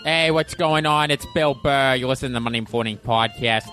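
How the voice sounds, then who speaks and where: A man's voice: mid-range voice, fairly quick, soft background music, voice pushed down, close to an everyday voice. A man imitating a middle-aged comedian who rants profanely about his own podcast. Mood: angry ranting. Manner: profane, ranting, shouting at nobody.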